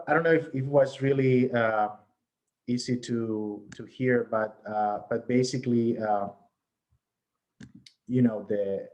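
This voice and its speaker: A man delivers an academic research lecture over a video call, with a voice of ordinary middle pitch. He explains patiently, step by step, and keeps checking that the audience is following. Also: darkish tone. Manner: explanatory, often checks in with "right?". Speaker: research presenter.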